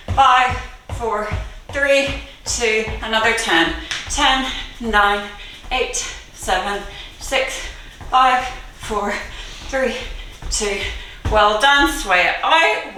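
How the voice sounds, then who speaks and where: A woman's voice: mid-range voice, sharp tone, a little hiss or hum. A woman leading a guided workout as a fitness instructor, counting reps aloud with an encouraging manner and frequent laughs. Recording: very echoey room, mic far off.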